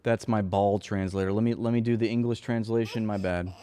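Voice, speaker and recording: A man's voice: on the low side, fairly even intonation, fairly quick, heavy background noise. A man hosting a casual political commentary show, talking in a sarcastic, mocking way and sometimes laughing at his own jokes.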